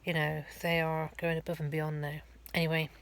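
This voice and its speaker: A woman's voice: low voice, little pitch movement, moderate pace, smooth. A middle-aged woman, giving a rambling, chatty vlog update from her van at a garage, full of ums and restarts. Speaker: van life vlogger.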